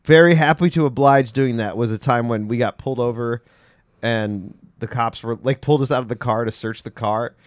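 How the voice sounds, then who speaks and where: A man hosting a podcast, chatting in a relaxed, agreeable way and joking along with his guest. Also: mid-range voice, fairly quick, no echo, studio quality. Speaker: podcast host. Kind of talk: casual chat.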